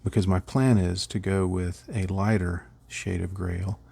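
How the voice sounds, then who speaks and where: A man's voice: low-pitched, fairly even intonation, measured pace, vocal fry, mellow. A middle-aged man casually rambling through a miniature painting tutorial, chuckling at his own slips.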